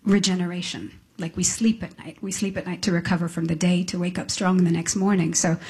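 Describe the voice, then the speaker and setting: Husky, thoughtful woman musician. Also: lowish voice, flat delivery. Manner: thoughtful, halting restarts, soft laughs. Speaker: musician guest. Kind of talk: reflective interview talk. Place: on stage before an audience.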